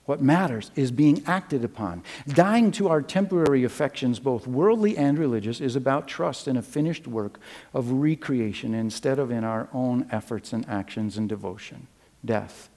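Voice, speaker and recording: An older man preaching a sermon, animated in his stories and dropping low and quiet for serious points. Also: normal speed, in a large hall. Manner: animated storytelling, swings from loud and high to low and quiet. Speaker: pastor.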